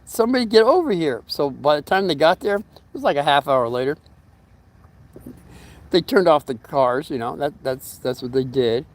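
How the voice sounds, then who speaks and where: In a home vlog, a middle-aged storyteller meanders through a lengthy tale, restarting sentences, leaning on fillers, and now and then voicing the characters. He talks at a moderate pace with a medium pitch, pausing often.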